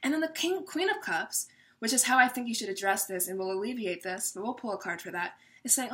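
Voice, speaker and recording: A woman with a bright, forceful voice talks through a tarot spread in a loose, chatty way. She laughs often and slips into little voices as she explains. Her pitch sits in a middling range for a woman. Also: animated, a little fast. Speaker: tarot reader. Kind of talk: casual tarot reading to camera.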